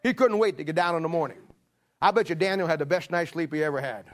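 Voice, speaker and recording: A middle-aged man preaching a sermon, acting out a story with lively storytelling. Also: fairly high pitch, quick pace. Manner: animated storytelling, acting out scenes.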